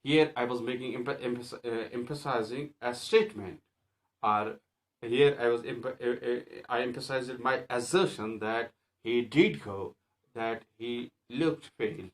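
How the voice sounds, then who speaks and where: A man teaching an English grammar lesson, speaking slowly and repeating example sentences with emphasis, often pausing and correcting himself. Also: medium pitch. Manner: frequent hesitations and self-corrections.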